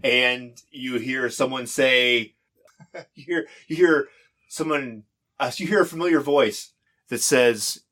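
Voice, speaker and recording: A man running a tabletop role-playing game as game master, narrating in a halting, laughing way and briefly acting out side characters. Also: medium pitch, a bit bright. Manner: halting, laughing, acts out soldiers' lines.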